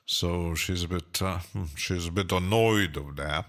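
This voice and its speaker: Man, low bright voice, slow talk, rambling, hesitant, laughs a lot, casual live-stream chat from a home studio. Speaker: music producer streaming live.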